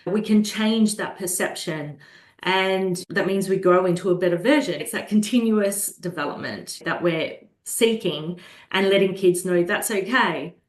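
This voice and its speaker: A woman guest speaking calmly and earnestly in a conversational interview about caring for children. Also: medium pitch. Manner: calm, earnest, slows down when acting out soothing a child. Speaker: guest, children's holistic health practitioner. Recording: roomy echo.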